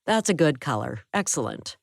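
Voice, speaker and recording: A calm, practical nurse who speaks matter-of-factly, as a woman narrating an audiobook puts her on. The voice is low and dry, read close. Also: normal speed, gravelly, no room sound, full character voice. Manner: matter-of-fact.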